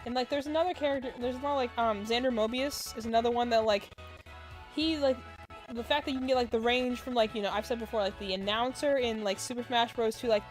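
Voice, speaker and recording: Chatty woman with a slightly high voice. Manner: rambling and chatty, lots of filler words; mutters stitch counts under her breath. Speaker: streamer crocheting while chatting. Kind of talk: casual chat.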